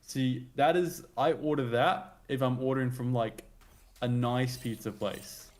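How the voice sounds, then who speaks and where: A man's voice: mid-range voice, measured pace. Male colour caster, everyday middle voice, easygoing and conversational. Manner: relaxed, chatty, self-correcting. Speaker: esports color commentator. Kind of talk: casual co-commentary.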